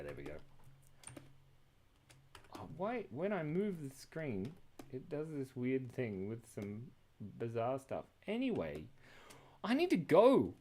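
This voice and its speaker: A man hosting a live drawing stream in a loose, rambling way. He talks casually and playfully as he sketches, joking with viewers and laughing often. His voice sits at an ordinary middle pitch. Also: mellow.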